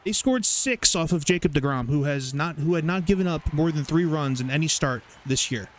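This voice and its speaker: A young man casually commentating his baseball video game, rambling, swearing and getting excited over plays. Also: a little high, normal speed, slight background noise. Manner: chatty, rambling, profane, excitable. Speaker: gaming YouTuber. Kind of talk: casual let's-play commentary.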